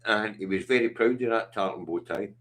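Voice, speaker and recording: A middle-aged Scottish man hosts a livestream of casual chat, speaking bluntly and passionately with lots of swearing. His voice is lowish with a fairly bright tone, and he talks briskly.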